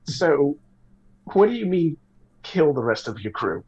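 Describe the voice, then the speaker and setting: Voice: medium pitch, big pitch swings, a little slow, darkish tone, husky, muffled recording. A player in a tabletop game, talking hesitantly with many fillers. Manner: hesitant, filler-heavy questions. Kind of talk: casual tabletop play.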